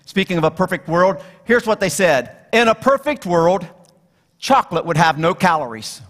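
High-voiced man preaching in a reverberant hall. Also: animated, moderate pace, a bit bright. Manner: storytelling with jokes, acting out characters. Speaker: guest preacher. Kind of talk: sermon. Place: church.

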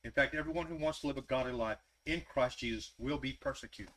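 A man's voice: mid-range voice, quick pace, fairly bright tone. A man preaching an interactive sermon, putting repeated questions straight to his listeners. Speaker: preacher leading a Bible study.

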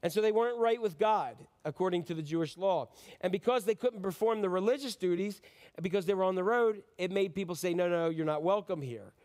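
Joking, high-voiced male pastor. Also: a little fast, a little mellow. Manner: conversational and joking, asks the audience questions. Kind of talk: Christmas sermon.

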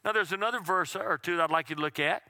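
A man's voice: sits high, fast talker, pushed and bright, no echo, clean studio sound. A man preaching a conversational, folksy sermon as pastor, asking his listeners rhetorical questions. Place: church sanctuary.

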